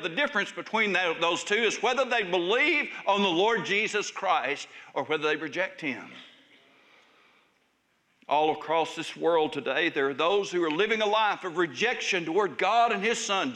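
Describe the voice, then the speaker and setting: A male pastor preaching a sermon in a church service, emphatic and raised at times, then dropping to soft, hushed lines. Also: high-pitched.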